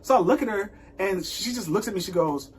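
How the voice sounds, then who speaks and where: Male guest, husky and a touch high, animated storyteller voicing the people in his story. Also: fairly quick. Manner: animated storytelling, acts out his own thoughts and others' lines. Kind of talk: casual testimony storytelling.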